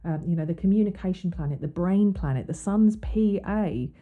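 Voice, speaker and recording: The audio is narrow and tinny as a woman with a lowish voice hosts an astrology podcast at normal speed. She explains things in a chatty, casual way, reading quotes aloud and often saying um or starting over.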